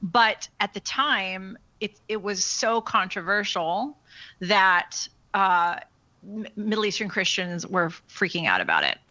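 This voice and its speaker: A woman's voice: medium pitch, very animated, measured pace, sharp tone, lo-fi sound. A woman from California, a guest on a radio talk show, speaking playfully and repeating herself for emphasis. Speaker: guest expert.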